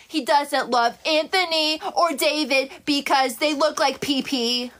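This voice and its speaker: A woman's voice: high-pitched, a little slow, few pauses, a bit bright. A woman on a live stream, scolding her chat in an indignant, sing-song way and breaking into improvised songs.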